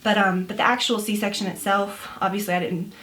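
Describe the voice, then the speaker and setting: A woman's voice: medium pitch, fairly even intonation, fairly quick, bright, forceful tone. A young woman, a new mother, telling a story in a chatty, casual way with lots of fillers and quoted asides. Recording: roomy echo.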